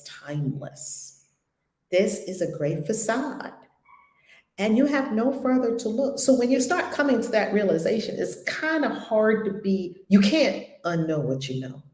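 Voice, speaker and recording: Woman, spiritual group leader; animated, emphatic storyteller; mid-pitched, echoey room. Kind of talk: conversational spiritual teaching.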